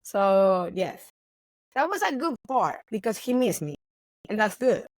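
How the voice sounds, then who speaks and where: A woman, a baker chatting in an interview, animated and laughing often. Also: mid-range voice, a little slow, no echo, rough recording. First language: Spanish. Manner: animated, laughs often, non-native grammar. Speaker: baker and guest. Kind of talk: casual interview chat.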